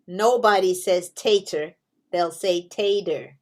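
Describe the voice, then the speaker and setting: A woman teaching English pronunciation to learners, speaking patiently and spelling out each example word with care. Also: fairly low pitch. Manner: drawn-out, carefully spaced delivery with examples.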